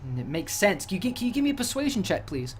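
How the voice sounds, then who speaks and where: A man's voice: high-pitched, very animated, fast, slight background noise. Rambling male game master. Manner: rambling with many restarts. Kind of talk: narrating a tabletop game.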